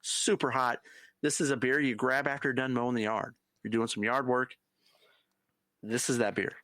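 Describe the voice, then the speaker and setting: A man's voice: medium pitch, little pitch movement, moderate pace, sharp tone, no echo. A man from Texas co-hosting a casual beer podcast, ribbing his friend and acting out exaggerated voices in his bits. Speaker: podcast co-host. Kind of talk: casual chat over beers.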